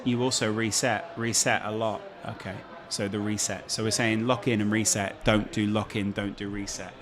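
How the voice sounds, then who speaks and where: A man's voice: on the low side, flat delivery, moderate pace. A man hosting a live match watch-along, bantering and reacting to the game. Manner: chatty, bantering, exclaims at big moments. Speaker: host. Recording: loud crowd noise behind.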